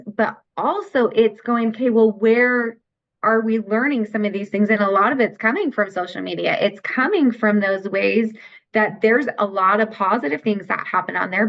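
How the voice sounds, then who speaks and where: Speaking with vocal fry in a mid-range voice, a middle-aged teen mindset mentor appears as a podcast guest. She explains with patience and earnestness, and the audio sounds dull and lo-fi.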